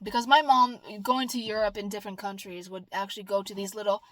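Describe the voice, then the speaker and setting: A middle-aged woman talking straight to camera in a casual, rambling vlog, jumping from loud outbursts to soft asides. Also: medium pitch, fairly even intonation, fast, no room sound, rough recording. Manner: rambling, emphatic, swings between loud exclamations and soft asides. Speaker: vlogger.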